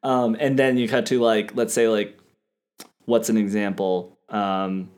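A man's voice: fairly low pitch, level tone, measured pace, darkish tone. Thoughtful, reflective man in casual chat. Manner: thoughtful, reflective, many fillers like "like".

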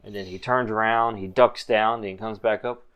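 A man's voice: fairly low pitch, fairly even intonation, moderate pace, clean tone, muffled recording. A man narrating as game master of a tabletop game, describing scenes in loose, easygoing storytelling.

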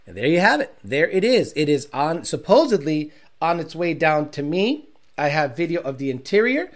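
A man's voice: on the high side, very animated, moderate pace. A young man hosting a casual car-tuning livestream. He answers viewer questions bluntly and profanely, makes jokes, and mocks others in put-on voices.

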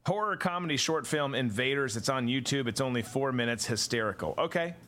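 A man's voice: mid-range voice, animated, fairly quick, a bit bright. A man co-hosting a casual podcast chat, joking and reading out listener answers in a laid-back way.

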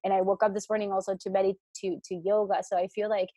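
A woman's voice: mid-range voice, level tone, quick pace, warm tone, breathy edge, no room sound. A woman talking about spiritual work in casual chat, rambling with many restarts and fillers. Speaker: spiritual guest.

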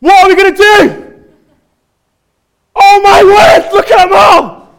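A man voicing a panicking young servant in a Mancunian accent, shouting high. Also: steady tone, takes it slowly, creaky, exaggerated voice, rough recording. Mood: panicked.

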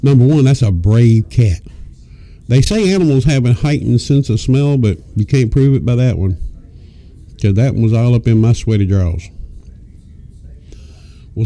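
Radio host, male, very dark, mellow voice, crude and joking, rambling storyteller. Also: mid-range voice, lively intonation, normal speed. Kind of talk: casual comic storytelling. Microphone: studio microphone.

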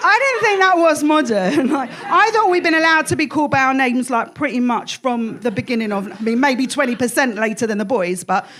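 High-voiced Essex woman doing stand-up. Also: a little fast, hardly any pauses, fairly bright tone. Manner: playful, chatty, laughing through punchlines. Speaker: stand-up comedian. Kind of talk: live stand-up set. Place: comedy club stage.

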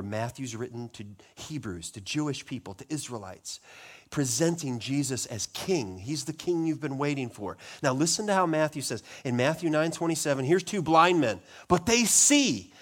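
A male pastor delivering an impassioned sermon in a slightly high voice. He swings between loud, urgent pleas and quiet, hushed stretches, acting out the cries of the people he describes.

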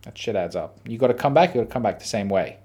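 An Australian man hosting a podcast, telling a story in a casual, animated, profane way. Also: fairly low pitch, fast talker, slight background noise. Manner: animated, profane, dramatic retelling. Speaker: podcast host.

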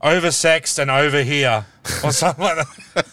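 A man's voice: fairly high pitch, normal speed, sharp tone. A man with an Australian accent hosting a casual podcast chat in a car, rambling and laughing often. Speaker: podcast host. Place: inside a car.

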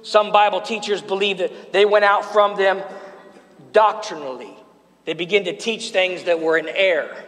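The voice is a man's, high-pitched and a bit bright: a pastor giving a sermon and calling on his congregation to respond. It's recorded in a church sanctuary with a long hall reverb.

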